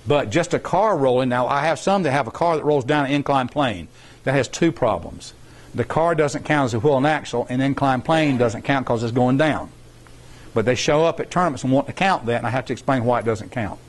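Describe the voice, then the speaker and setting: A middle-aged man leads a science competition workshop in a folksy, rambling way. He circles back and repeats his points to make them stick. His voice sits at an ordinary middle pitch. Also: fairly quick. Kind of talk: informal classroom explanation.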